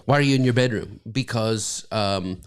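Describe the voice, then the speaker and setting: A man's voice: fairly low pitch, normal speed, clear, resonant tone. A middle-aged man, a pastor co-hosting a casual live podcast from his bedroom, rambling and emotional with many fillers. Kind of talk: casual live-stream chat. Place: home bedroom.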